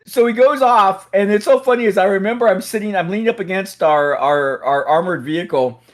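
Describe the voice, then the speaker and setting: Male host, slightly high voice, animated storyteller who builds to loud punchlines. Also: fairly quick. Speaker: host, SWAT officer. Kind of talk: casual storytelling chat.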